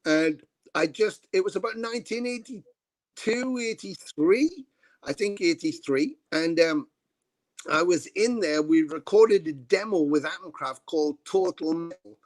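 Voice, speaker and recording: A man's voice: high voice, lively intonation, unhurried, dry recording. Rambling middle-aged man telling stories. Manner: rambling anecdotes, frequent fillers and casual swearing. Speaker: guest musician. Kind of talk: casual interview storytelling. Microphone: video call.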